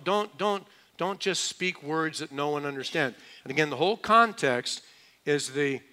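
Bright-voiced middle-aged male preacher. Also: on the high side. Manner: conversational, joking asides with mimicked voices. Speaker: pastor. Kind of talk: expository sermon.

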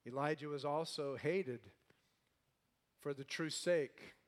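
A male pastor preaching a sermon, lively and playful, with comic asides. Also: fairly high pitch, takes it slowly.

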